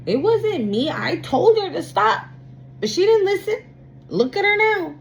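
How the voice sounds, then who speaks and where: A defensive, self-excusing parent, played by a woman who speaks in a very high, squeaky tone. The voice pushes the blame away with shrill insistence. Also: sing-song, a little slow, gravelly, slight background noise, heavily acted.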